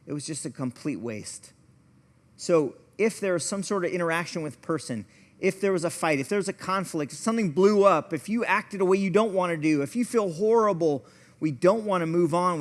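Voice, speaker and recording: A man teaches a church class in a fairly high voice, part lesson and part story. He talks in an easy, conversational way and often makes fun of himself. His voice carries a long echo from the hall. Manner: conversational, storytelling, self-deprecating. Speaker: pastor and family therapist teaching a class.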